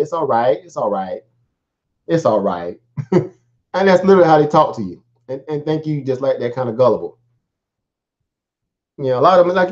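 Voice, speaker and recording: A man's voice: mid-range voice, darkish tone, dull audio. A man hosting a live stock market stream, talking casually in a rambling, slangy way with lots of fillers and repeats.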